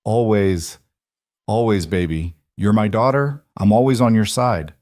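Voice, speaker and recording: A tearful middle-aged mother, anxious and pleading, put on by a man who lifts his low voice well up. The delivery sits noticeably higher than the narration. The recording is dry and close. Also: a little slow, a little mellow, no room sound, natural voice.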